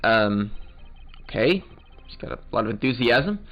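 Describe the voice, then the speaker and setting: A let's play host speaks a little slowly in a medium-pitched voice with big pitch swings, voicing the game and joking around as he plays. The recording sounds muffled, with game music underneath.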